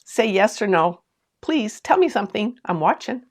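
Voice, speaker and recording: A woman's voice: medium pitch, sing-song, normal speed. Chatty laughing woman hosting a live stream. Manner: laughs often while telling a story; talks straight to viewers with lots of asides and questions. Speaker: sewing channel host. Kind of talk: chatty live stream, reading viewer comments.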